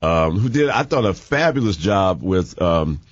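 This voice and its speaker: A man talks casually about movies, wandering through his thoughts with restarts and fillers. His pitch swings widely as he gets animated. The recording is dry and slightly dull. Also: measured pace, no echo. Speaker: movie reviewer on a talk show. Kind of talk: casual chat.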